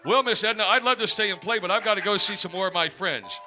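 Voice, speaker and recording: A man's voice: high-pitched, fast talker, music in the background, natural voice. A man voicing a lecherous, cheery male rabbit who makes candy, in a sing-song, leering storybook manner for a comic radio reading. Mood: sugary cheer.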